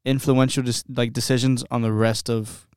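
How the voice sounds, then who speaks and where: A man's voice: medium pitch, level tone, normal speed, darkish tone, smooth, dry recording, clean studio sound. A young man co-hosting a podcast, chatting casually and often searching for his words. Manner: hesitant, restarts and searches for words. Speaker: podcast co-host. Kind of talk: casual chat.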